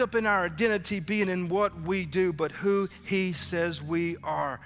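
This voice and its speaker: High, bright-voiced male preacher in a hall. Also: a little slow. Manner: animated preaching, acts out biblical dialogue. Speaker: pastor. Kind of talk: sermon. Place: church sanctuary. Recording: live hall reverb with faint music.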